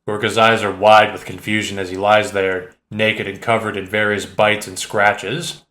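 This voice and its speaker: Man, audiobook narration, measured reading, low voice, roomy echo. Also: flat delivery, sharp tone. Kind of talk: scripted narration.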